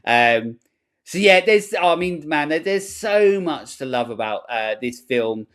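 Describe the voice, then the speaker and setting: A man hosting a podcast, chatting casually in a rambling, animated way and swearing freely. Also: fairly high pitch, a little slow. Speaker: podcast host. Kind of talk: casual chat.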